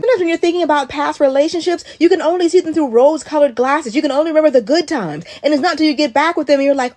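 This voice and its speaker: A woman's voice: high-pitched, expressive, fast talker, few pauses, darkish tone, dry recording, clean studio sound. A woman giving emphatic opinion commentary on an online post and asking pointed rhetorical questions.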